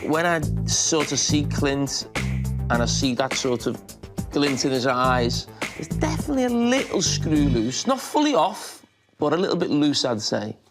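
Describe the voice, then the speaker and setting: A man giving casual football analysis as a studio pundit, in a chatty, animated way. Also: a little high, measured pace, over music.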